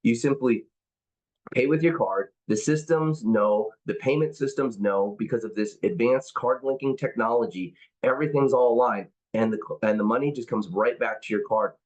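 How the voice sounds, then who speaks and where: A middle-aged man, a company CEO, giving an enthusiastic sales pitch on an overview call, often restarting his sentences. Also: normal speed, darkish tone, rough recording. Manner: enthusiastic, promotional, frequent restarts.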